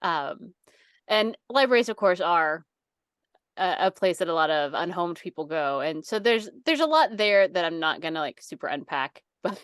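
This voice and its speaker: A woman's voice: on the low side, very animated, normal speed, clear, resonant tone, no echo. Chatty woman podcast host, dry close sound. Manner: rambling, laughing, with many fillers. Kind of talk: casual storytelling chat.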